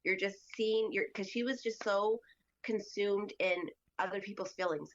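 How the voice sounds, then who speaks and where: Speaking at a moderate pace with a steady tone and medium pitch, this woman is a podcast guest telling a casual story, though the highs are cut off in the audio. She chats away with plenty of fillers and performs the quoted dialogue of others.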